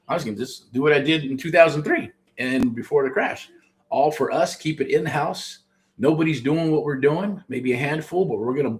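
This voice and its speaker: A middle-aged man from the United States hosting a show, talking casually and pitching a program, rambling with restarts and frequent swearing. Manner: rambling, profane, self-interrupting. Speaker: host. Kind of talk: casual promotional talk.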